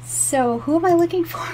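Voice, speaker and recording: Bubbly high-voiced North American woman. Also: measured pace, warm tone, slight background noise. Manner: bubbly, giggly, affectionate. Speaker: host of a writing livestream. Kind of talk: casual chat.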